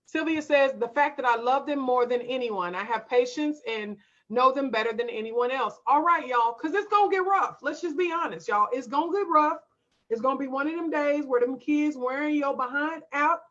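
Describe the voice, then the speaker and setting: A woman's voice: high voice, moderate pace, a bit bright, dull audio. A woman coach hosting a live stream, emphatic and direct, calling her viewers y'all and reading out their comments.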